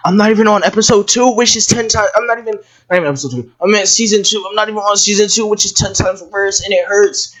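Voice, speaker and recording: A video commentator ranting through a show review, breaking into yelled outbursts, stammering repeats and frequent swearing. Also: mid-range voice, quick pace, hardly any pauses. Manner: profane and exasperated.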